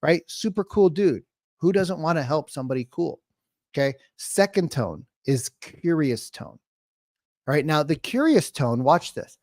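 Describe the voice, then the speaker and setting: A man teaching sales tone in a lively live-streamed talk, acting out calls in exaggerated voices. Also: fairly high pitch, unhurried, no echo, studio quality. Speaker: sales coach.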